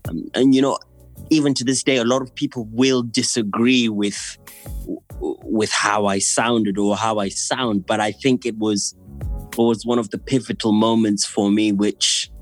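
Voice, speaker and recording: A man from Zimbabwe with a Zimbabwean accent, an actor speaking English as a later language, talking in a relaxed conversation and often restarting his sentences with fillers. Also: on the low side, a little slow, faint music behind. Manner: hesitant, many restarts and fillers. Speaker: actor, guest. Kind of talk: casual conversation.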